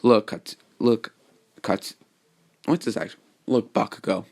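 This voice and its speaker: Earnest teen boy hero, halting delivery; voiced by a man. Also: on the low side, creaky, a little mellow.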